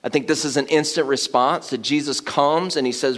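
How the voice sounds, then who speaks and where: A man's voice: medium pitch, normal speed. Conversational male preacher. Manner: conversational, builds to loud excited emphasis with laughter. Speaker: pastor. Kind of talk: sermon.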